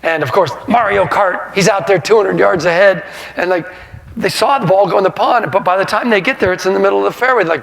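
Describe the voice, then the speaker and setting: A man in his sixties, a sportswriter giving a talk, telling funny stories to a live audience in an animated way and laughing as he goes. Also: high voice, brisk, vocal fry. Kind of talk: humorous storytelling to a live audience. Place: lecture hall. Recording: reverberant hall sound.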